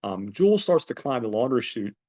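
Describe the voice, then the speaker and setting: A man's voice: medium pitch, very animated, a little fast, warm tone. A man hosting a podcast, retelling a film's plot in a rambling, casual way with lots of fillers and swearing. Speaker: podcast host. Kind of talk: casual film recap. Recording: dull lo-fi recording.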